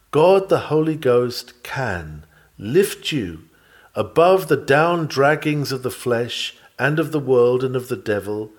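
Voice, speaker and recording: Earnest man preaching a sermon. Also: mid-range voice. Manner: earnest, emphatic, repeats key phrases. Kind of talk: sermon read aloud.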